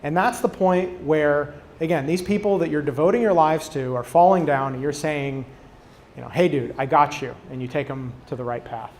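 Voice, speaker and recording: A man speaking from a conference stage in a loose, conversational way, full of fillers and restarts. His voice sits a little high, and he acts out quoted customers with lively voices. A faint hum runs behind him. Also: moderate pace. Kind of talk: conference talk.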